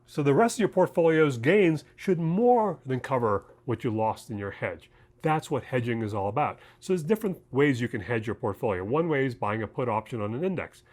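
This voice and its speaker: A man's voice: medium pitch, animated, brisk, darkish tone. A man who co-founded a trading education service, explaining an idea in a casual, chatty way, often checking in with "okay?" and "right?". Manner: uses homely examples and jokes. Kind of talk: casual explainer talk to camera.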